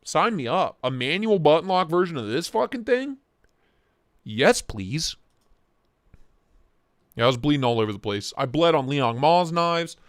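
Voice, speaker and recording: Young male host, jokey and excitable, slightly high voice, dry home-office sound. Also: unhurried, long pauses, clean tone, dry recording. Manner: excitable, joking, reacts to chat. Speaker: livestream host reviewing knives. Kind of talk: casual live-stream chat.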